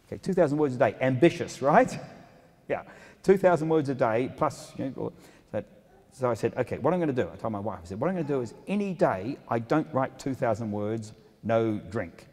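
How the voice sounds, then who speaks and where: A man's voice: mid-range voice, animated, brisk, a little mellow. A middle-aged man, an author giving a humorous talk to an audience, self-mocking and full of asides. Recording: long hall reverb.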